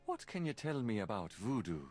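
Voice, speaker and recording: A man's voice: on the low side, very animated, normal speed, a little mellow, faint music behind. An actor playing an investigator in a mystery game, posing as a priest while he asks pointed questions. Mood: probing. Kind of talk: voiced game dialogue.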